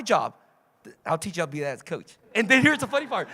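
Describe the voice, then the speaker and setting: Man, motivational coach, high voice, wildly swooping pitch, shouting, profane, fired up. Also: huge pitch swings, fast talker, breathy edge. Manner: fiery, shouting and cursing to rouse the audience. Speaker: coach and trainer. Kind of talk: motivational seminar talk. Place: live seminar in front of an audience.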